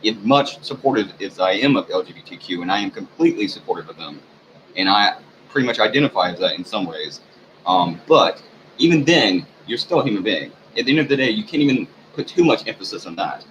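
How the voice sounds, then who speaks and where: A man ranting in a rambling, profane monologue for his channel, halting often with fillers. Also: lowish voice, expressive, fairly bright tone. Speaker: channel owner. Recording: dull lo-fi recording with faint hiss.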